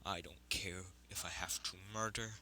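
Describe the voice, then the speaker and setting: A man voicing a huge male nine-tailed fox beast, a desperate grieving father who pleads and swings between whispers and shouts. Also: sits low, steady tone, normal speed, slight background noise, full character voice. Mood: raging.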